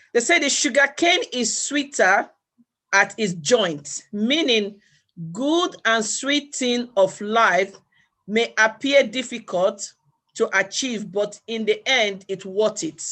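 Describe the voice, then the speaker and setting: A woman who heads the organization, closing an event with proverbs and thanks in a measured way. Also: on the high side, animated, pushed and bright. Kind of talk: closing remarks at a community event.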